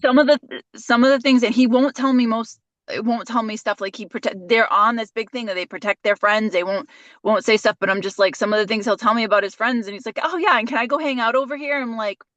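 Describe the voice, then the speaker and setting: A woman's voice: on the high side, fairly even intonation, fast, fairly bright tone, dry recording. A woman in her forties co-hosting a podcast, telling stories in rambling casual chat with many restarts. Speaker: podcast co-host.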